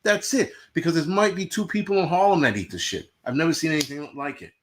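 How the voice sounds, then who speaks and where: A man's voice: a little high, fast talker. Profane ranting man on a livestream. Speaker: livestream host. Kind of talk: casual livestream rant to chat.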